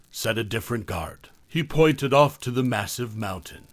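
A man tells a first-person horror tale in a measured, scripted delivery. His voice sits at an ordinary middle pitch and often sinks quieter at the ends of phrases. The recording is dry and close, with no room sound. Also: expressive, no echo. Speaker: narrator.

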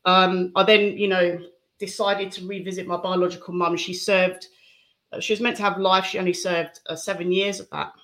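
A woman's voice: fairly low pitch, flat delivery, normal speed. Candid woman sharing her story. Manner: candid and reflective, with soft laughs. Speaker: interview guest. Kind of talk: personal testimony in conversation.

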